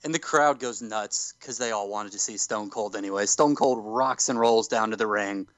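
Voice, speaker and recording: A man hosting a podcast, telling a story with animated enthusiasm in casual chat. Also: lowish voice, moderate pace, no echo, rough recording. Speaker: podcast host.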